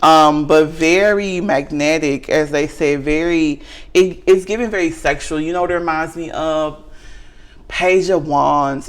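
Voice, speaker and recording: A woman with a light Southern US accent talks through a tarot spread in a loose, unscripted way. She speaks frankly and earnestly to the viewer and keeps checking in with a rising "okay?" after nearly every thought. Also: sits low. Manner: tags nearly every sentence with a questioning okay. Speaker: tarot reader. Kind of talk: casual tarot reading to camera.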